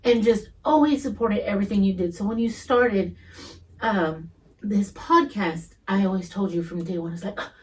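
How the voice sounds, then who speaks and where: A woman's voice: mid-range voice, normal speed, recorded from a distance, low-quality recording. Emphatic woman co-host, a little off-mic. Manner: warm, emphatic, laughs easily. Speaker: podcast co-host. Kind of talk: casual chat.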